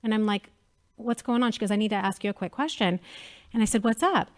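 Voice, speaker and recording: A woman in her thirties, a media company president chatting as an interview guest, telling lively stories and acting out quotes. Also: medium pitch, fast. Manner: animated storyteller, acts out quotes. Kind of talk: casual interview chat.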